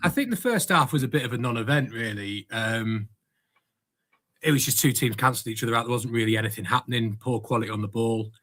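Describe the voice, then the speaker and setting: A man's voice: medium pitch, a bit bright. A man co-hosting a casual football podcast, giving a chatty match review as an away fan. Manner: fast, chatty match analysis. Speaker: podcast co-host.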